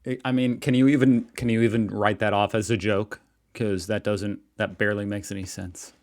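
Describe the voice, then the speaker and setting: A man's voice: fairly low pitch, level tone, brisk, darkish tone. A young man from the United States hosting a casual reaction video, talking in an incredulous, exasperated way.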